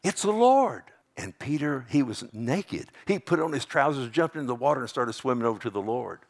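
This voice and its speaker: Texan preacher, unhurried and folksy. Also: male voice, creaky. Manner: conversational, calls out to congregation for amens; slows and drops low on scripture lines. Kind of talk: sermon.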